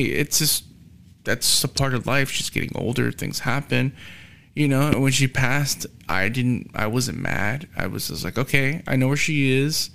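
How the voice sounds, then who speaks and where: A man talking casually about his faith in a calm, matter-of-fact way. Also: medium pitch, gravelly.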